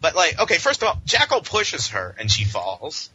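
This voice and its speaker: A man's voice: a little high, moderate pace, husky, dry recording. A man co-hosting a podcast, ranting sarcastically and mockingly in a casual comic book discussion. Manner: sarcastic, mocking, animated rants. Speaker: podcast co-host. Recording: dull lo-fi with faint hiss.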